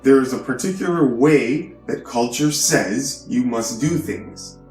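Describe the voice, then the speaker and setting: A man's voice: mid-range voice, measured pace, darkish tone, reverberant, soft background music. A man hosting a vlog from a hotel room, lecturing emphatically and often asking "right?". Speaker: video host. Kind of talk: preachy vlog monologue.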